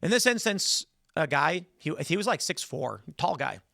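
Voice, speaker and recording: A man's voice: fairly high pitch, very animated, normal speed, gravelly, bright, forceful tone, dry recording, studio quality. A man hosting a podcast, telling a story and giving heated commentary, angry and swearing as he talks. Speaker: podcast host.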